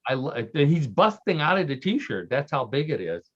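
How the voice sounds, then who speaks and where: A man's voice: on the high side, very animated, moderate pace, fairly bright tone. A man telling offbeat stories in casual radio chat, joking and laughing along with his own tales. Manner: chatty storyteller, lots of fillers and restarts, laughs at own jokes. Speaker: regular radio show guest. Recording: dull lo-fi radio sound.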